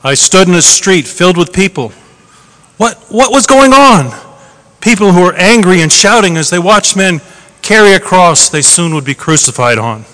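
A man delivering a quiet first-person monologue as a bewildered onlooker in a crowd, speaking in a reflective, wondering way. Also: high-pitched, big pitch swings, normal speed, long reverb tail. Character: bewildered bystander drawn into a crucifixion crowd.

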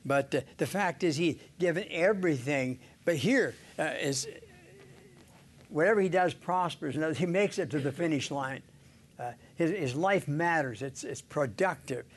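Halting older man teaching scripture. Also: a little high. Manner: halting, many "uh"s and restarts, chuckles to himself. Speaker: Bible teacher. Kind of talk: informal sermon on scripture.

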